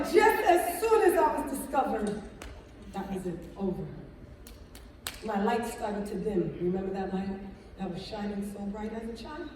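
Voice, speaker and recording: Animated woman in an echoey hall. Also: medium pitch, normal speed, far from the mic, a little hiss or hum. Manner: animated, conversational, checks in with audience. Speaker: speaker giving her testimony. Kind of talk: church testimony talk. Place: large hall.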